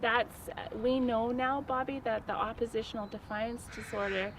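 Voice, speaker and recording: A woman from the school staff, explaining children's behaviour in a measured way during a documentary interview. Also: on the high side, steady tone, noisy background. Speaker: school educator.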